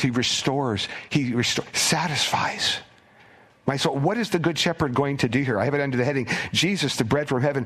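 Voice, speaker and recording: A middle-aged man, a pastor, preaching a sermon in an animated storytelling way and acting out little voices now and then. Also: on the high side, husky.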